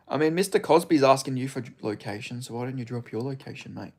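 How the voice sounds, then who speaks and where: An Australian man answers his livestream chat in casual, profane banter. His voice sits at an ordinary pitch with a gravelly, creaky texture. His delivery stays blunt and laid-back. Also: fast, hardly any pauses, a little mellow. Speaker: streamer reading chat.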